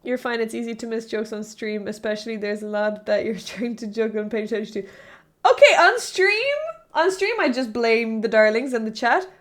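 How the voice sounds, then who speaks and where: Chatty streamer woman, slightly high voice. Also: brisk, few pauses. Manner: rambling and self-interrupting, chatting with viewers. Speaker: live streamer. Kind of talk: casual live-stream chat.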